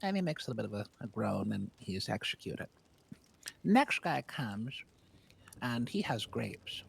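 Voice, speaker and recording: A man putting on a creaky scheming old granny. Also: big pitch swings, moderate pace, full character voice. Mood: storytelling. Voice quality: creaky, raspy. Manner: prim and sing-song, with big pitch swings. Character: scheming old granny who wants to kill someone. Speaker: streamer, role-play player. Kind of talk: western role-play in character.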